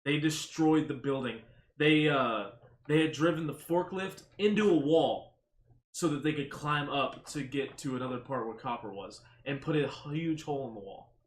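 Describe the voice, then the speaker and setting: A man's voice: fairly high pitch, moderate pace, echoey room. A man co-hosting a podcast, chatting casually with blunt, offhand remarks. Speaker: podcast co-host. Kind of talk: casual chat.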